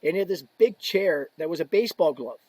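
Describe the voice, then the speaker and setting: A man talking as a podcast guest, telling stories in a casual, animated way and acting out the people he quotes. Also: a little high, fairly quick, husky, poor audio. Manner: animated storyteller, acts out quoted voices. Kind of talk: casual storytelling.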